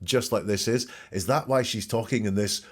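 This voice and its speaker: A man's voice: on the low side, normal speed. A man hosting an analytical commentary, probing and rephrasing quotes as he asks questions. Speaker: host.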